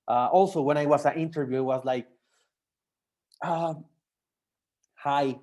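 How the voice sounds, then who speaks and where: A young man from Mexico with a Mexican accent, a French teacher whose first language is not English, giving a personal talk to language learners in halting English full of restarts and fillers. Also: on the high side, a little mellow. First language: Spanish.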